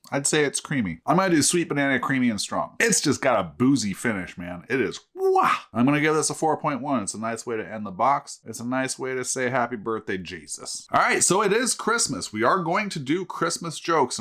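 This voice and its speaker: Animated, joking male beer vlog host. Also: mid-range voice. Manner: deadpan, joking, swears freely. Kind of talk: casual beer review and joke telling.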